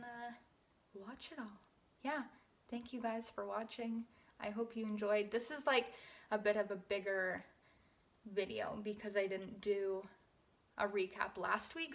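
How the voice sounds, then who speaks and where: Young woman vlogger, chatty and rambling, slightly breathless. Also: a little high. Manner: chatty, rambling, loses her train of thought. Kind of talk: casual vlog chat.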